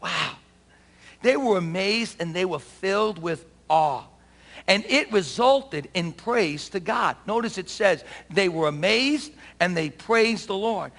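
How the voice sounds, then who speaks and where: Man, pastor, animated sermon, call-and-response, very high voice, long echoing hall reverb. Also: vocal fry.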